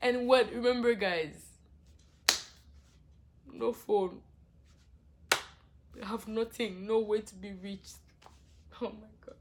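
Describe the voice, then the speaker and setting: A young woman telling a dramatic personal story in a casual vlog, swinging from hushed asides to loud exclamations. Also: medium pitch, fairly even intonation, slow, long pauses, background noise. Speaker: vlogger.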